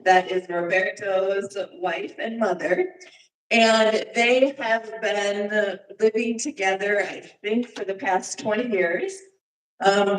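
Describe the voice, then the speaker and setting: Woman, church speaker presenting slides, halting delivery with frequent fillers, distant and echoey room sound. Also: mid-range voice, slight background noise. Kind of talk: informal presentation to a congregation. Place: church sanctuary.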